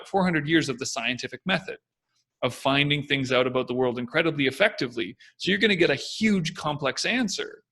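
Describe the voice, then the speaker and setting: Bright, gravelly-voiced young man chatting. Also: on the high side. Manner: animated, acts out confident and hesitant voices. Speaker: podcast co-host. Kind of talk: casual discussion.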